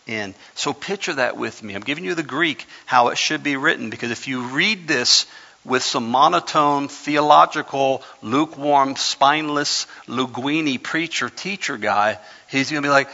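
Male preacher, sermon, bright gravelly voice, dull lo-fi hall recording. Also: fairly high pitch, a little slow. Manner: fervent, builds to hollering, folksy asides. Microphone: microphone. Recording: reverberant hall, dull lo-fi sound.

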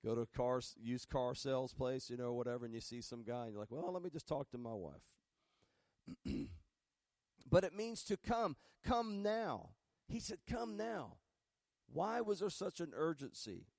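A man's voice: mid-range voice, lively intonation, normal speed, vocal fry, darkish tone, no room sound, clean studio sound. A male pastor preaching a sermon in a folksy way, building to emphatic, rising bursts and spelling out words. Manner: folksy, uses "ain't" and humor.

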